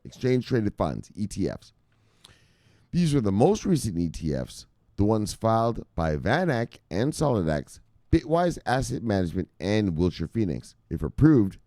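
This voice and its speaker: A man hosting a crypto news show, ranting with heavy swearing, jumping between loud outbursts and low mutters. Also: no room sound, studio quality. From United States. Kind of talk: profane animated ranting commentary.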